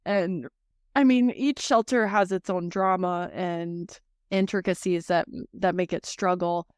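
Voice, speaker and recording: Smooth-voiced woman chatting about her work. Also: fairly low pitch, fairly even intonation, unhurried, no echo, clean studio sound. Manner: warm-hearted, emotional, rambling with restarts. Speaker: dog treat business owner, podcast guest. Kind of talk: casual conversational storytelling.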